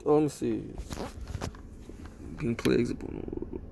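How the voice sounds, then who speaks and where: A man's voice: mid-range voice, a little slow, gravelly, background noise. A man preaching a sermon, reading scripture aloud and driving each point home with "man" and "all right?". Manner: emphatic, tags lines with "man" and "all right?".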